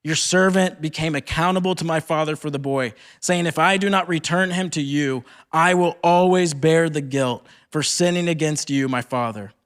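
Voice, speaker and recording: A young man with a notably high voice giving a sermon at a retreat. He moves between reading scripture aloud and retelling the story in loose, chatty speech full of "like". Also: moderate pace, few pauses, a bit bright. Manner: casual retelling peppered with "like". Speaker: speaker at a campus ministry retreat.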